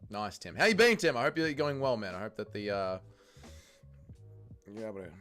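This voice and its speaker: A young Australian man hosting a fight watch-along stream, reading chat and swearing as he yells at the fights. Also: on the low side, very animated, normal speed, clear, resonant tone, soft background music. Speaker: livestream host.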